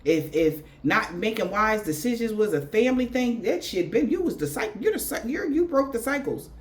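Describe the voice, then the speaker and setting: A woman's voice: on the high side, sing-song, moderate pace. A woman giving a spiritual reading in blunt, profane slang. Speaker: tarot reader.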